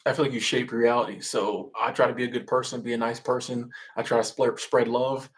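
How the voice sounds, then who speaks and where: A man's voice: medium pitch, little pitch movement, brisk. A man from Florida, hosting a casual livestream and answering chat in a loose, rambling way full of restarts.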